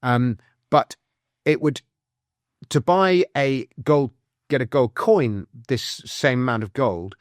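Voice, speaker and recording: A man, speaking as a guest author in a casual interview, chatty and explaining with quick restarts and asides. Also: mid-range voice, no room sound, clean studio sound. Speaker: author and financial commentator, guest.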